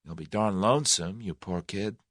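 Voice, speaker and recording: A man's voice: sits low, moderate pace, a bit bright, dry recording, clean studio sound. A man voicing a brash, confident young man with a breezy, direct way of talking. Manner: breezy, direct, folksy slang.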